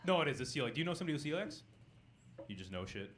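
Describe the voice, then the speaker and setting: Fast, animated young man doing stand-up. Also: a little high. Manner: deadpan punchlines with crowd work. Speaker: stand-up comedian. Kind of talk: stand-up comedy set. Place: comedy club stage with audience.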